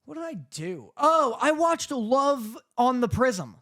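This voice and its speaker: A man co-hosting a casual podcast, telling stories in a loose, rambling way. His pitch rises and falls a lot as he talks, and he acts out the characters' lines as he goes. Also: sing-song, takes it slowly, sharp tone. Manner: rambling storytelling with quoted voices. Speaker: podcast co-host. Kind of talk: casual chat.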